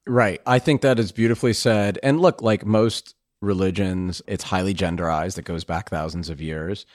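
Male host, very low voice, earnest and emphatic, rambles a bit, dry close sound. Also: normal speed, a little mellow, no room sound. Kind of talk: casual conversation.

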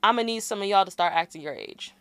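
A woman's voice: medium pitch, fast, clear, resonant tone, no room sound. Sassy, candid young woman. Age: 20s. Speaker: podcast co-host. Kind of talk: casual chat.

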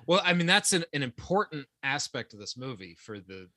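A young man co-hosting a podcast who chats casually in an animated, teasing way and laughs often. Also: medium pitch, brisk, no echo. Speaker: podcast co-host. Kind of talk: casual chat.

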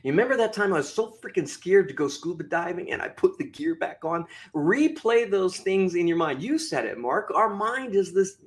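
A man talking as a podcast guest, with an animated, preacher-like delivery full of sudden drops and bursts. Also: high voice, moderate pace, hardly any pauses. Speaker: guest speaker. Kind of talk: motivational podcast talk.

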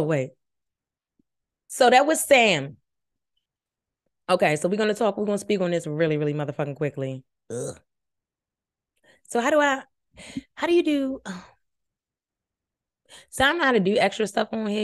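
A woman hosting a podcast, giving casual, brash and profane commentary on a reality show, sleepy late at night. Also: lowish voice.

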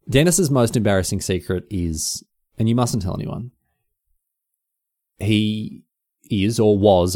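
A man with an Australian accent, hosting a podcast in casual, chatty talk and answering listener questions. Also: on the low side. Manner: lively, exclaiming, chatty. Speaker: podcast host.

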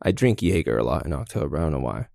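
A man's voice: a bass voice, very animated, racing, vocal fry, darkish tone, dry recording, studio quality. A man co-hosting a casual podcast chat, joking and laughing often. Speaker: podcast co-host.

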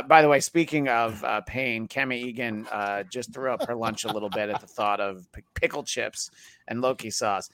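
A man's voice: mid-range voice, a bit bright. A man hosting a casual panel chat, rambling with lots of fillers and restarts. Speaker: podcast host.

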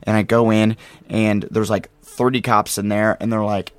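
A man's voice: fairly low pitch, little pitch movement, normal speed, clear, resonant tone, no echo. A man in his thirties, a comedian guest on a podcast, telling stories in casual chat and acting out the people in them.

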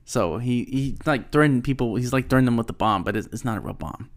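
A man's voice: medium pitch, fairly quick. A man talking casually to the camera, rambling through a story with lots of restarts and filler words. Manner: rambling, loose, full of "like" and restarts.

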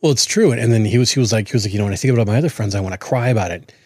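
A man's voice: lowish voice, rapid-fire, darkish tone, slightly rough, dry recording, studio quality. Earnest man in his forties. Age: 40s. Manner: earnest, repeats and restarts words. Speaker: podcast co-host. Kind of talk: casual chat.

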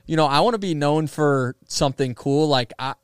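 A man's voice: a little high, normal speed, smooth, no room sound, clean studio sound. A man who plays professional baseball, chatting casually in an interview with lots of fillers and restarts. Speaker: professional baseball player as guest.

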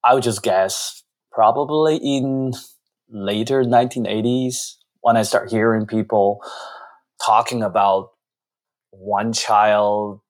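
A man's voice: fairly low pitch, fairly even intonation, slow. A man, giving earnest, reflective interview answers with frequent restarts. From China.

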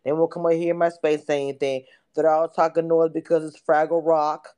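A woman's voice: sits low, little pitch movement, a little fast, dark tone, smooth. Brash woman hosting a chat. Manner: brash, swearing, teasing. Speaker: space host. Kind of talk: casual chat.

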